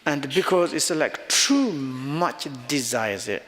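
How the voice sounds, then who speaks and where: A male Buddhist teacher giving a dharma talk in halting non-native English with loose phrasing, chuckling often as he explains. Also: a little high, expressive, fairly bright tone. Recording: long reverb of a large hall.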